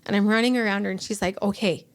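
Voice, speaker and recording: A woman's voice: mid-range voice, fairly even intonation, quick pace. Woman, forties, podcast guest, personal story, fragmented sentences, quoted voices. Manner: emotional, acts out quoted dialogue. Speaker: guest, bereaved mother.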